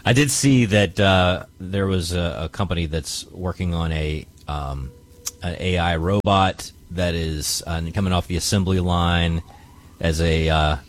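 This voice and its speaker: A man's voice: low-pitched, measured pace. A man co-hosting a morning radio show. He talks in a wry, joking way, with plenty of hesitant fillers. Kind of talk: casual on-air banter.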